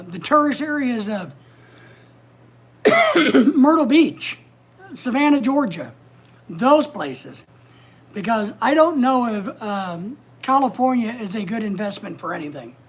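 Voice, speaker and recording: A woman's voice: on the high side, slightly rough. A woman hosting a casual livestream from home, chatting, giving advice and reading out viewer comments. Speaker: livestream host.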